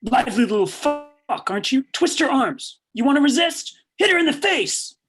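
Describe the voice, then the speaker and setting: A woman's voice: high-pitched, very animated, moderate pace, music in the background. A woman voicing a brutal, vulgar male riot policeman in a staged play reading, barking orders with a sneer. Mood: vicious.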